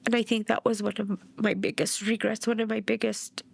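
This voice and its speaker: A woman's voice: mid-range voice, little pitch movement, brisk, gravelly, husky. A middle-aged woman from New Mexico, a bereaved mother giving documentary interview testimony in a plainspoken way and acting out past dialogue.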